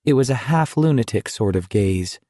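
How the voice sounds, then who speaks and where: A man narrating an audiobook in a measured, even reading voice on a close studio mic. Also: fairly low pitch, no echo. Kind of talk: scripted narration.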